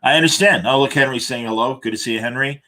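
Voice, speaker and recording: A male podcast host talks with eager energy, his voice bright and forward. He spins stories with stops and restarts, his pitch in a middle range. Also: fast. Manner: enthusiastic storyteller, hesitant restarts. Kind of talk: casual chat.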